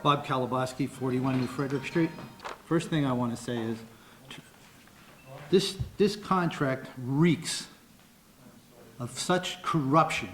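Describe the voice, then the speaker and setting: A man speaking loudly and excitedly as a public commenter at a city council meeting, pointed and accusatory, at a podium microphone. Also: mid-range voice, slow pace, long pauses, slight background noise. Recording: echoey council chamber.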